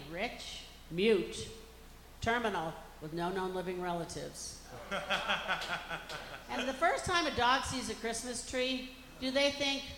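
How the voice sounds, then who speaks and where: A woman's voice: a little high, pushed and bright, slight background noise. A woman performing a bawdy stand-up comedy set on a club stage. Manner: bawdy, brash punchlines. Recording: echoey club with reverb.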